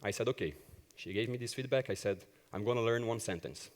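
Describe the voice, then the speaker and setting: A man's voice: lowish voice, a little fast, big-room sound. A man who works as an agile coach gives a conference talk, telling personal stories and acting out the dialogue. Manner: animated storyteller who acts out dialogue. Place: conference hall stage.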